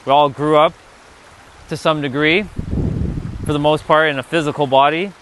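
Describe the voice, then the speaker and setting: A man's voice: on the high side, steady tone, moderate pace, noisy background. A man hosting a casual spiritual livestream, rambling loosely, reading the chat and swearing now and then.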